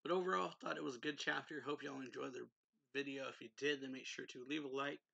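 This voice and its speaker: A man's voice: medium pitch, fairly even intonation, fast, vocal fry, sharp tone, poor audio. A man casually recapping a manga chapter as a reviewer, stringing it together with "so, yeah" and "he's like". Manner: retells scenes loosely with lots of "so, yeah" and "he's like".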